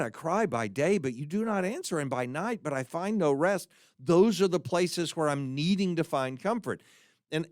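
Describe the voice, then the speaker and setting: A man talks through scripture in an earnest, conversational teaching style, reading passages aloud with real feeling. His voice sits high and swings widely in pitch, and the sound is dry and close with no room around it. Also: dry recording. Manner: earnest and animated, quoting scripture with feeling, small restarts. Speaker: podcast co-host teaching on scripture.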